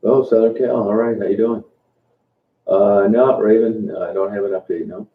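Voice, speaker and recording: The audio is thin and phone-like, reverberating in a roomy space, as a livestream host makes casual conversation with his live audience. His fairly low voice is relaxed yet halting, and he leans on fillers, often trailing off and restarting.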